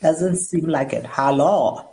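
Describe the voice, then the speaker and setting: Low-voiced female co-host, teasing. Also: takes it slowly, gravelly, dark tone. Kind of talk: talk show banter.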